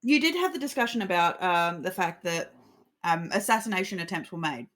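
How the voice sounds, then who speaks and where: A woman's voice: lowish voice, animated, a little fast, fairly bright tone. A woman hosting a live-streamed tabletop game, chatty and recapping events with laughter. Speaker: game master and stream host.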